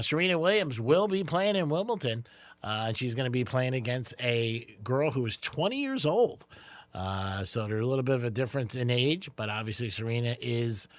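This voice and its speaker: A man co-hosting a radio show in a studio, upbeat and quick with joking asides. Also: mid-range voice, no room sound. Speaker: radio co-host. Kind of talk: casual radio chat.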